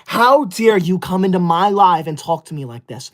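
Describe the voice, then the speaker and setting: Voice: mid-range voice, animated, normal speed, natural voice. Someone playing an indignant school-loving streamer. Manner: indignant scolding, sudden shouted outbursts. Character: self-righteous school-loving young streamer, touchy. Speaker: livestreamer. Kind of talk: comedy sketch livestream.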